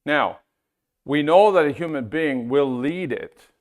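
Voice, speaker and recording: With a slightly high voice and lively intonation, this man leads a Bible-school class conversationally. He checks in with his listeners often and reads scripture out slowly.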